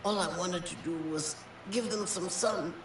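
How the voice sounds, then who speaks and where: A woman's voice: on the low side, a little slow, close to an everyday voice. An actress playing a fretful village woman in a video game who pleads for help and gushes when she is helped. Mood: pleading. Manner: pleading, then gushing with relief. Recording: roomy, distant, noisy game audio.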